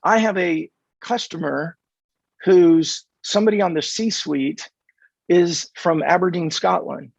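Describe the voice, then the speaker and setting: A slightly high, creaky voice comes from this fifty-something Californian guest on a podcast, recorded with no echo over a dull, dry remote line. He tells stories casually and throws himself into voicing the dialogue.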